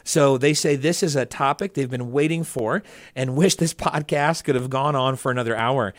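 A man's voice: medium pitch, normal speed, no echo, clean studio sound. A man hosting a church podcast, joking around and reading a listener's question aloud. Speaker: podcast host. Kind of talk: casual church podcast chat.

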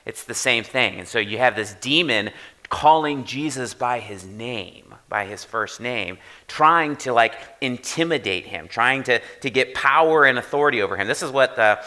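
A man preaching a sermon in a conversational way, often checking in with "right?" and swinging from quiet to loud for emphasis. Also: mid-range voice, expressive, normal speed. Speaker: pastor.

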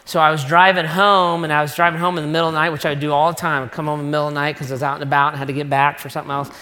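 A middle-aged man preaching in an animated storytelling sermon, poking fun at himself as he goes. His voice sits a little high and rings bright and forceful. A long reverb from a large hall trails behind every phrase. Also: very fast. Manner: animated, self-mocking storyteller.

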